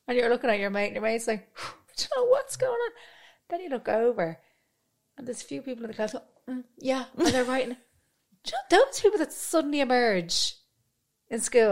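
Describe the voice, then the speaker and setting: A woman in her thirties co-hosting a podcast, chatting casually, animated and swearing freely. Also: a little high, fairly quick. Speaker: podcast co-host. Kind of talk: casual chat.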